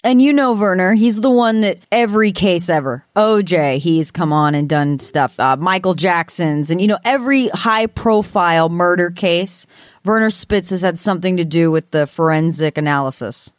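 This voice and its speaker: A woman co-hosting a podcast, talking about a true-crime case in an animated, emphatic way and acting out what people said. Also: on the low side, moderate pace, no room sound, studio quality. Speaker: podcast co-host. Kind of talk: casual true-crime discussion.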